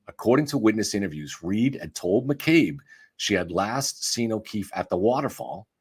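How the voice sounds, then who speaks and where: A man reading a magazine article aloud and stopping often to add his own commentary, thinking aloud as he goes. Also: lowish voice. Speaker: true-crime commentator.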